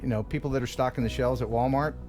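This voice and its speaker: A man's voice: mid-range voice, fast, over music. A man hosting a live stream, joking around and reading chat messages. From USA. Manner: joking, animated. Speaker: host.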